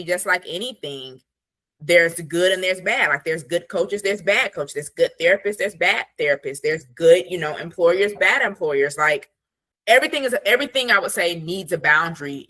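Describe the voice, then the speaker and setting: A woman guest, an attorney and productivity coach, chatting casually on a podcast with lots of "like" and animated asides. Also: fairly low pitch, normal speed. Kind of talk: casual interview chat.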